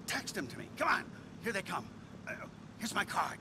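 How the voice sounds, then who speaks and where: An actor playing a distraught middle-aged husband who rants and pleads in a video game. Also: male voice, high-pitched, very animated, normal speed, pushed and bright, a little hiss or hum, heavily acted. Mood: pleading. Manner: ranting, swings from sobbing rage to self pep talk.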